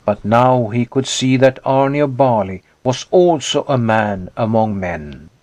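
A man reading a story aloud in a measured, plain narration. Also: medium pitch, expressive, a little mellow, no echo. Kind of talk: scripted audiobook narration.

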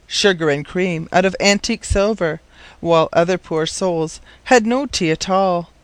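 Audiobook narrator: male, measured storytelling, fairly high voice, dry close recording. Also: dry recording. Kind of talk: scripted narration.

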